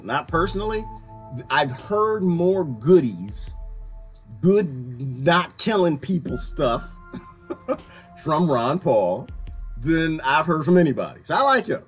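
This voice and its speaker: A man giving a casual, animated political rant to his viewers, laughing often and swinging between loud and quiet. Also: a little high. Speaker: video commentator.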